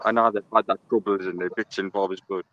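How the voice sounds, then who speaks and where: A man calling in on a video call, telling a lively anecdote and laughing through it. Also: low voice, quick pace, no room sound. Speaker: caller. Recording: muffled remote call audio.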